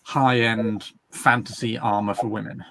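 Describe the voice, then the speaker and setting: A man's voice: on the low side, little pitch movement, measured pace, gravelly, a bit bright, slight background noise. An English man hosting a casual video call chat, with a wry, understated humor. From England. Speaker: writing group host.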